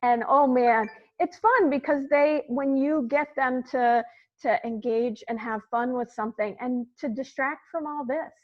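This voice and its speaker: A woman's voice: high voice, measured pace, muffled recording. A woman who teaches English, talking chattily and with enthusiasm in a webinar panel discussion over a video call. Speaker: English instructor.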